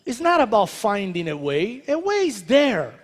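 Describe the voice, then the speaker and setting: An Italian-accented man in his thirties speaks to a crowd in a large convention hall, with a fairly high voice. He jokes with the audience and drives his points home in an animated manner. His words ring out with the long echo of the big room. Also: moderate pace. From Italy. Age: 30s. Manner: joking, animated, addresses crowd directly. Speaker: celebrity chef speaker. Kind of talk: motivational talk to an audience. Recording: reverberant hall.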